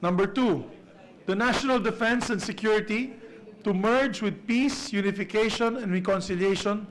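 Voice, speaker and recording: High-pitched man on the floor. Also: fairly bright tone, poor audio. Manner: formal, with frequent hesitations. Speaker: majority leader. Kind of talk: formal parliamentary floor speech. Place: legislative chamber.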